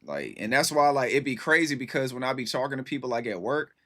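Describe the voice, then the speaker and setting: A man's voice: mid-range voice, expressive, fast, a bit bright. A man in his thirties hosting a casual livestream, chatting with viewers in a laid-back, rambling way full of slang and fillers. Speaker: livestream host.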